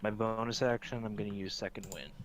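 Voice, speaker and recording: Male player, lowish voice, offhand, soft typing noise behind. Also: fairly even intonation, quick pace. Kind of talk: casual chat at the table.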